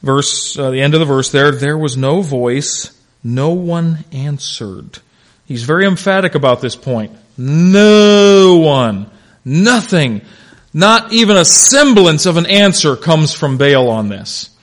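A man teaching a Bible class in a conversational way, telling stories with animated delivery and calling on class members by name. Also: fairly high pitch, measured pace.

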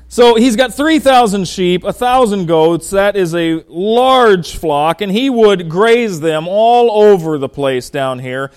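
A man preaching a sermon in a church, his voice a little higher than most men's. His delivery is folksy and playful, with jokes aimed at people in the pews. He swings between loud, stressed points and quiet, offhand asides. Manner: folksy, joking, addresses the congregation by name.

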